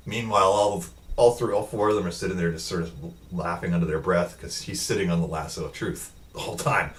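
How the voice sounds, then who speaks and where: A man's voice: deep voice, fairly even intonation, quick pace, recorded from a distance. A man giving a casual, rambling film review recap, with lots of ums and uhs, quoting the characters in his own voice.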